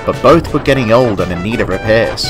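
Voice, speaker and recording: A man tells a children's storybook tale with lively, rising and falling intonation. His reading is gentle and expressive over clear music. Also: lowish voice, fairly quick. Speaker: narrator. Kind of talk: storybook narration.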